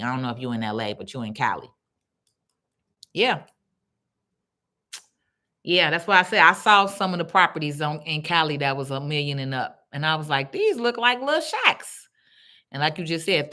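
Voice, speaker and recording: A middle-aged woman, hosting a casual livestream and chatting through viewer comments. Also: deep voice. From Chicago. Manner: chatty, animated, reads comments aloud. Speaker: livestream host.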